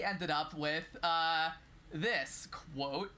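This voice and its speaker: A man co-hosting a history podcast in casual chat, relaxed and reading quotations aloud. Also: fairly high pitch, normal speed. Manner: relaxed, frequent agreeing fillers, reads quotes aloud. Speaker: podcast co-host.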